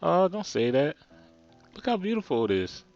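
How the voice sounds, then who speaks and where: A sassy, protective big sister, put on by a Jersey man in a raised voice, teases and talks back with bouncy, lively pitch. The sound is slightly muffled with soft game music beneath. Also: moderate pace, vocal fry. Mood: teasing. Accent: New Jersey. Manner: defiant and teasing.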